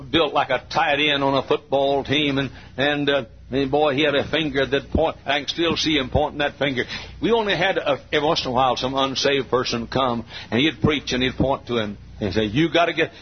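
Older man, sixties, preacher, folksy sermon storytelling, fervent near-shouting, dull lo-fi recording. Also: mid-range voice, slight background noise. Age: 60s. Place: church.

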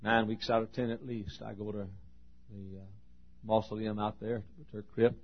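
A middle-aged man preaching a sermon, his voice dropping to a hush and then rising to loud, shouted exhortation. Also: lowish voice, little pitch movement, normal speed, muffled recording.

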